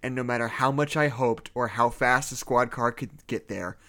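A man's voice: mid-range voice, moderate pace, bright, forceful tone. A man co-hosting a comedy podcast, reading a story aloud and breaking off to laugh and joke.

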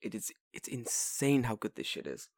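A man chatting on a podcast, very lively and swinging his pitch high whenever he quotes himself. He swears freely and tells his stories with big energy. His voice sounds dry and close to the mic. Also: moderate pace, no echo. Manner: animated storyteller, swears freely, jumps into high mock voices when quoting himself. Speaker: podcast co-host. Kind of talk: casual chat.

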